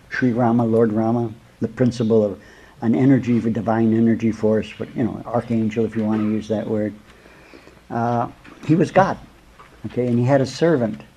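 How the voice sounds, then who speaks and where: A man with a husky, slightly breathy voice gives a spiritual talk. His pitch sits in an ordinary middle range. He talks slowly and meanders from point to point, tenderly calling his students beloved. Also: dark tone, poor audio. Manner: slow, rambling, addresses listeners as beloved. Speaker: spiritual teacher.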